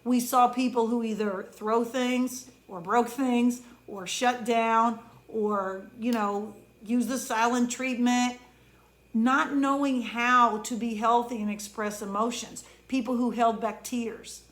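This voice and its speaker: A woman hosting a motivational pep talk as an emotion coach, speaking earnestly and conversationally and slowing down to stress key words. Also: fairly high pitch, fairly even intonation.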